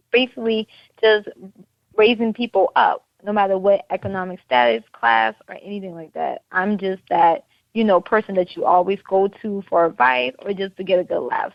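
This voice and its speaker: Gravelly woman guest from the Carolinas. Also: lowish voice, dry recording, highs cut off. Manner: easygoing, filler-heavy talk with lots of "you know". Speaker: interview guest, fashion designer. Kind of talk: casual interview answers.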